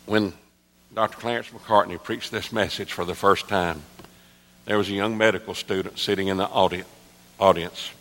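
A man in his sixties, a pastor, preaching an earnest sermon that drops soft and low, then rises to emphatic calls. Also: steady tone, normal speed. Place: church sanctuary. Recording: long reverb of a large hall.

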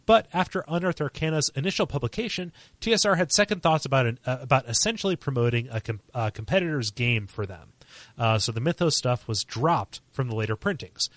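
A man's voice: mid-range voice, lively intonation, brisk, a bit bright, dry recording. A man co-hosting a game podcast, reading listener mail and chatting animatedly, laughing often. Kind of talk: casual chat.

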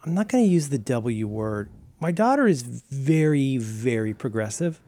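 An animated man chats casually on a podcast, rambling and restarting his sentences often. His voice sits at a middling pitch, close and dry with no room sound. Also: moderate pace, dry recording. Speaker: podcast co-host. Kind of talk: casual chat.

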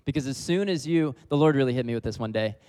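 Young male preacher, casual and giggly delivery, medium pitch, long-reverb hall. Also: fast, a little mellow. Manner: casual, laughs often, leads the crowd in repeating lines. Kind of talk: sermon.

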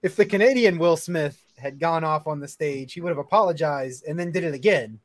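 Man on a podcast panel, teasing quips, a little high in pitch. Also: a little fast. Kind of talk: casual chat.

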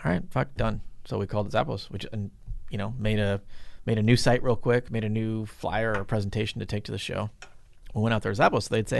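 With a lowish voice, vocal fry and fairly even intonation, this middle-aged man talks fast as an interview guest. He spins a rambling, casual story, cursing freely and doing the voices of those involved. The recording is dry.

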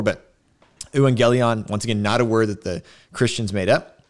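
A man hosting a podcast, explaining scripture in casual chat and often checking in with "right?". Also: medium pitch. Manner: emphatic, keeps asking "right?". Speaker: podcast host teaching scripture.

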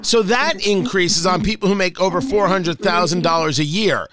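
A man's voice: high-pitched, moderate pace, a crowd in the background. A man hosting a radio talk show, questioning his guest and restating the points he makes. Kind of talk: radio interview.

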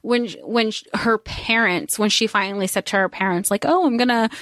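A woman co-hosting a podcast, talking casually about a book, animated, laughing and swearing freely. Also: mid-range voice, moderate pace, dry recording, clean studio sound. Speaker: podcast co-host.

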